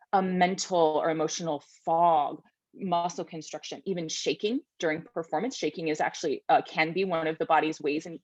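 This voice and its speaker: Young woman, low-pitched, workshop presenter, thoughtful and gentle, dry video-call sound. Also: no room sound, dull audio. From Virginia, USA. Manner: thoughtful, gentle, frequent tag questions. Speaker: vocal wellness presenter. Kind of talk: conference webinar talk.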